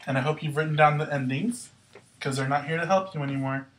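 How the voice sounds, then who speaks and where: A woman's voice: low voice, fast. A woman teaching a Spanish grammar lesson, upbeat and going through the verb endings step by step. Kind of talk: classroom-style grammar lesson.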